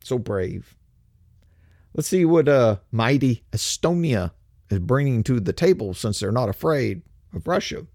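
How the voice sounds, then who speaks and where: A man's voice: medium pitch, lively intonation, moderate pace, a little mellow, no echo, studio quality. An older man hosting a political commentary show, talking in a blunt, coarse and mocking way and laughing often as he makes fun of things. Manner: blunt, coarse street talk. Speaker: host.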